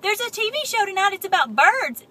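A woman's voice: very high voice, big pitch swings, fairly quick, bright, forceful tone, far from the mic, pitched above the performer's own voice, full character voice. Woman doing a wailing, stubborn little pigeon. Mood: whining. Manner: wailing, tantrum-throwing. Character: whiny stubborn young pigeon refusing bed.

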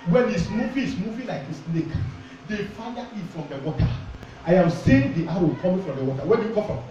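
A man, preaching a prophetic sermon and leading prayer, forceful and repetitive, often shouting his commands. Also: sits high, animated, a little fast, lo-fi sound. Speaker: pastor. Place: large church hall. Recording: echoey church hall, voice from far off, congregation noise.

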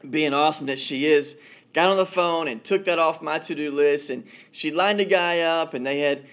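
A man's voice: fairly high pitch, normal speed, a bit bright. A man, a married father, giving a conversational sermon as pastor, telling stories and often repeating words as he goes. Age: adult, married father.

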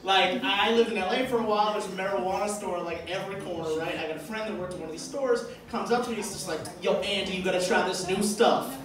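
A man's voice: high-pitched, fast talker, hardly any pauses, a crowd in the background. A man from Boston doing a stand-up comedy set, telling rambling stories full of fillers. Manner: rambling, filler-heavy storytelling. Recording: echoey club mic from far off. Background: audience laughter.

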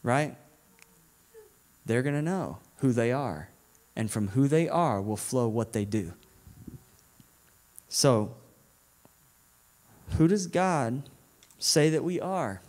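A man's voice: medium pitch, expressive, slow pace, long pauses, a little mellow. A man with a Southern US accent preaching a sermon in a casual, conversational way, often checking in with "right?". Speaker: guest preacher.

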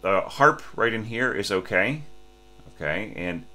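A man teaching orchestration, talking through a student's score in a halting, restarting way, often checking in with "right?" and sometimes singing or breathing out the phrasing. He says he is a little sleepy. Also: fairly low pitch, expressive, sharp tone. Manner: sings and breathes examples of phrasing. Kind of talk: spoken score critique.

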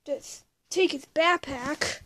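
High-pitched slow-paced playful voice. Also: female voice, fairly bright tone. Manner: playful childlike voices, shifting between characters. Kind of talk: homemade toy play acting several characters.

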